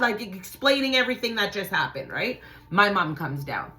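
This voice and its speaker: A woman's voice: medium pitch, lively intonation, normal speed, few pauses, bright, forceful tone. A woman hosting a vlog, telling a frightening personal story in an intense, profane, dramatic way. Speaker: channel host.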